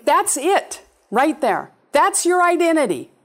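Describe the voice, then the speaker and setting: Animated woman preaching a sermon. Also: unhurried. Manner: animated, playful with sudden high exclamations. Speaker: speaker giving a talk.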